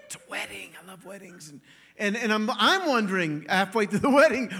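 A man preaching a sermon in a lively storytelling way, acting out the people he quotes and laughing often. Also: sits high, brisk. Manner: animated, acts out quoted voices, laughs often.

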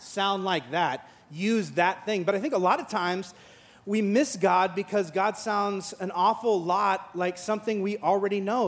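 A male pastor preaching a sermon, mixing playful storytelling and acted-out dialogue with earnest, reflective teaching. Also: high-pitched.

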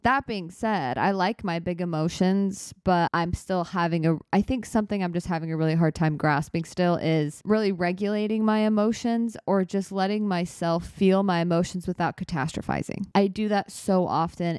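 Young woman podcast host, low-ish, smooth voice, candid and rambling, dry close mic. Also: moderate pace, few pauses, a little mellow, no room sound. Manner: rambling, candid, self-reflective. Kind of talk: casual solo podcast talk.

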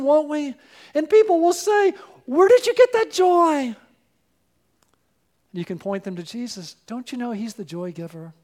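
A middle-aged man, a pastor, preaching a sermon that swings from hushed to loud. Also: extremely high pitch.

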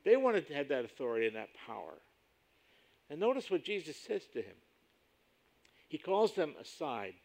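A man preaching a sermon as pastor, emphatic and rising sharply on key points, slowing down when he reads scripture aloud. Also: a little high, big pitch swings, creaky, a little mellow. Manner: slows down to read scripture aloud.

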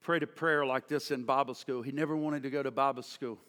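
A man preaching a sermon, telling a story that builds from quiet, low-voiced passages to impassioned, near-shouted ones. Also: steady tone, brisk, in a large hall. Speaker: pastor.

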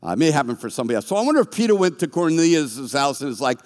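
A man's voice: on the high side, rapid-fire. A man preaching a sermon as a pastor, telling stories with animation and acting out the voices of the people in them. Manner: animated storytelling, acts out voices. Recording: long reverb of a large hall.

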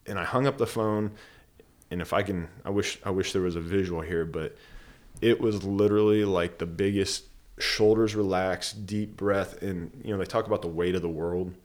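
With a deep, steady, slightly mellow voice at normal speed, a man appears as a guest in a casual podcast conversation. Earnest and rambling, he shares a personal story packed with fillers, saying "like" constantly.

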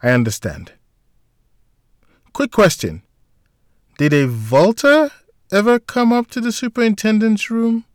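Brief: man reading as an eager, earnest young man, a touch raised and louder than the narration, dry close sound. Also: high voice, very animated, a little slow, pauses often, dry recording, pitched above the performer's own voice. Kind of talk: audiobook character voice.

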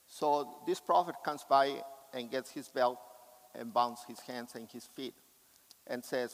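A man's voice: medium pitch, unhurried, long reverb tail, poor audio. A man preaching a sermon with impassioned, emphatic delivery.

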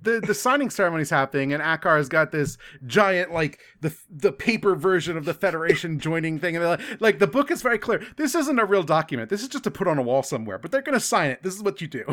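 A man co-hosting a podcast, casually recapping a book with frequent laughs and quick acted-out quotes. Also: fairly high pitch, big pitch swings, fairly bright tone. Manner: laughing often, acting out characters' lines in quick bursts. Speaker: podcast co-host.

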